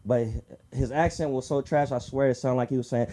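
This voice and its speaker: A man doing a crude stand-up set at an open mic, acting out characters in shrill voices. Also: fairly even intonation, normal speed, mellow, a little hiss or hum. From Southern California. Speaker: stand-up comedian. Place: comedy club stage.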